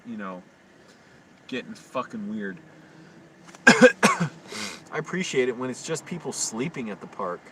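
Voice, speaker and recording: Livestreaming at night around his parked car beside a park, a man rambles loosely, cursing freely and stumbling through fillers and restarts. His fairly low voice sounds pushed and bright, recorded from afar with slight background noise and low quality overall.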